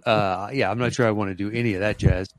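A man's voice: lowish voice, steady tone, fast talker, no echo. Dry, teasing podcast co-host man. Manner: dry, teasing, reads listener mail aloud. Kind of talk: casual chat.

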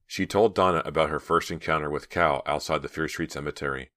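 A man's voice: rumbling low, fairly even intonation, fairly quick, fairly bright tone, no echo, studio quality. A man narrating a young adult horror novel as an audiobook, reading every part himself. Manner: reads all parts, raising his voice for the girls' lines. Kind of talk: scripted narration with character voices.

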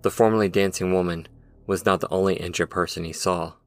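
A man giving a measured, dramatic scripted narration of a story. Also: low-pitched, fairly even intonation. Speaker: audiobook narrator.

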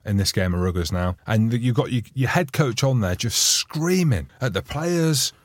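A man, a former player co-hosting a podcast, chatting casually and telling lively stories. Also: medium pitch, moderate pace. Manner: animated storyteller, mimics shouting coaches. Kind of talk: casual banter.

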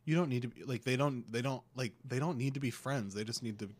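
Young guy rambling on a podcast, lots of "like", normal pitch. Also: fast. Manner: rambling, heavy use of "like". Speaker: podcast co-host. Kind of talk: casual chat.

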